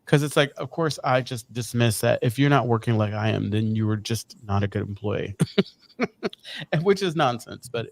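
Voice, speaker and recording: A man's voice: medium pitch, expressive, moderate pace, creaky. Laughing playful man co-hosting. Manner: playful, laughing, self-deprecating. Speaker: podcast co-host. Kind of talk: casual chat.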